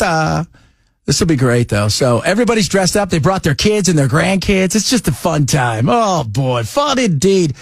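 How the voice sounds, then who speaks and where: Talk radio host, man, lively swooping voice, slightly high, dry studio sound. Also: normal speed, no echo, soft background music. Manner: animated, jokey, loose asides. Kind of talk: casual talk radio banter.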